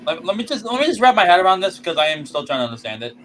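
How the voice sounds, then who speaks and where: Lively man thinking aloud on podcast. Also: sits high, racing. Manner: thinking aloud, confused, restating points. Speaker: podcast co-host. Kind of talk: casual chat. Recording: noisy room.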